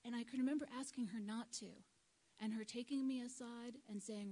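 A woman giving a prepared public talk to a live audience, speaking in a measured, earnest way into a microphone. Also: fairly high pitch, steady tone, mellow, poor audio. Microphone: microphone at a lectern.

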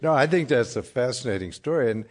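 A man's voice: mid-range voice, lively intonation, quick pace, background noise. A man interviewing a guest, answering with short, encouraging replies. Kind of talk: conversational interview.

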